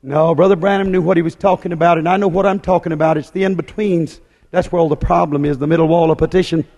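High-voiced man preaching in an echoing hall. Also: steady tone, quick pace, a little mellow. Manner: emphatic, repetitive, hammering delivery. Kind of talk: fiery sermon. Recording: long hall reverb.

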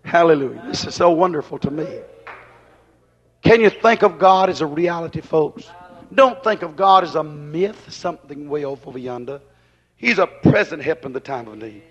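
A man preaching a fervent sermon, emphatic and repetitive, swinging between loud exclamations and hushed asides. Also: a little high, animated, normal speed. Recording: dull lo-fi recording.

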